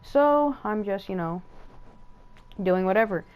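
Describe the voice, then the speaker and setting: A woman hosting a gaming channel, telling a casual story over gameplay in an excitable, rambling way, with lots of fillers and restarts, on a headset mic. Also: mid-range voice, slow pace, clean tone, dull audio.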